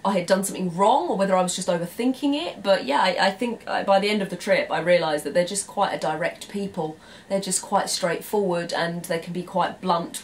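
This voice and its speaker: A woman's voice: medium pitch, a little hiss or hum. A young English woman vlogging, telling stories casually to camera, laughing often and acting out her own reactions. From England. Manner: chatty, laughs often, acts out quoted reactions.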